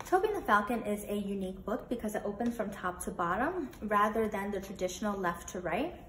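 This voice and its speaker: A woman teacher leading an animated interactive read-aloud of a children's book, asking the young listeners questions. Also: medium pitch. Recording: roomy with faint noise.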